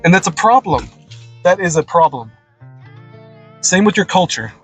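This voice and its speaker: A man with a slightly high-pitched voice talks off the cuff, blunt and emphatic, with plenty of profanity. Faint music plays quietly underneath him. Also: big pitch swings, normal speed, slightly rough, poor audio. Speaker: video creator. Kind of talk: unscripted personal monologue.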